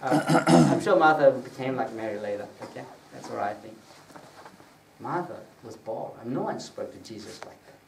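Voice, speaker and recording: With an expressive mid-range voice, a touch of vocal fry and a moderate pace, a man teaches a small group through a conversational sermon in a prayer gathering room. He asks his listeners questions and lifts his voice for scripture. A distant mic picks up room echo and faint hiss.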